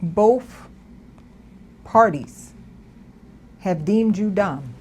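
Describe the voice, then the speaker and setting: A woman co-hosting a casual commentary chat, animated and laughing, with mock-outraged asides. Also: medium pitch, very slow, a little hiss or hum. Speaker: podcast co-host.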